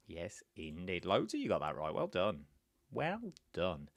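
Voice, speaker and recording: Man, live quiz host, lively swooping voice, dry close sound, chatty and repetitive. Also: sits low, measured pace, no room sound. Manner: chatty, repeats answers, teasing. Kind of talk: live-stream quiz hosting, casual chat. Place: indoors, seated at home.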